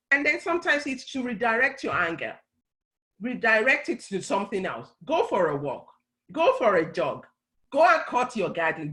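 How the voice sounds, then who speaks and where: A woman's voice: medium pitch, a bit bright, low-quality recording. A middle-aged woman speaking on a church talk panel, earnestly explaining and often restarting her phrases. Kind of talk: conversational teaching talk.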